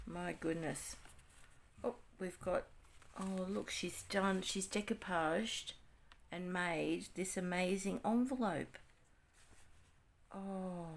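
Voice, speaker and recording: A woman's voice: medium pitch, creaky, slight background noise. An Australian woman in her sixties chatting casually as she unboxes mail, gushing and exclaiming over each item. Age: 60s. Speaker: craft vlogger.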